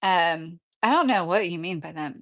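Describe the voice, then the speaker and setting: A woman's voice: on the low side, lively intonation, normal speed, fairly bright tone, muffled recording. A woman in her thirties with a slight Midwestern accent, chatting casually on a livestream and answering viewer questions. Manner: chatty, rambling, laughs often.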